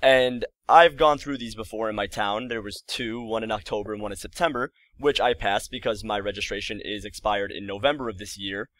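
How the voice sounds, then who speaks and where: A man in his early twenties telling a story to his viewers in a casual, exasperated and rambling way, full of quick asides. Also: fairly low pitch, a bit bright, dry recording. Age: early 20s. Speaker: vlogger.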